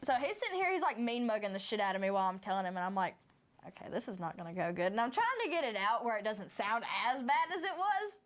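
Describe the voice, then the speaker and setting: A woman's voice: mid-range voice, quick pace. A woman with a Southern US country twang, hosting a podcast and telling crude, rambling stories in casual chat. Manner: rambling, animated storytelling with crude humor. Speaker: podcast host.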